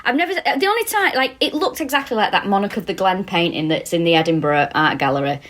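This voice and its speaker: A woman's voice: mid-range voice, quick pace. A woman with a Manchester accent, a podcast co-host chatting and telling stories with lots of swearing, recording remotely. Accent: Mancunian. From England. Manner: storytelling, swearing, animated. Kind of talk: casual comedic chat. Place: countryside home, recording remotely. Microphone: remote call.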